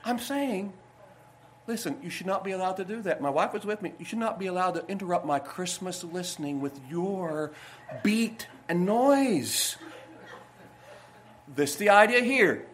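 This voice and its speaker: Male pastor, high-pitched folksy sermon voice, rambling, given to loud bursts. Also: expressive, a little fast, slight background noise. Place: church sanctuary.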